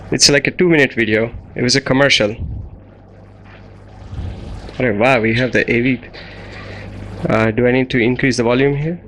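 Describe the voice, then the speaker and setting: Bright-voiced man giving a storytelling lecture. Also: medium pitch, low-quality recording. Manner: conversational, anecdotal, frequent fillers. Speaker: guest lecturer.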